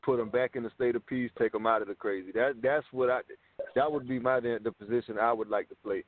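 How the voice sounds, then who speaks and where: A man's voice: mid-range voice, steady tone, quick pace, no echo. A man co-hosting a casual podcast chat, blunt, insistent and profane. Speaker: podcast co-host. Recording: dry, tinny phone-like sound.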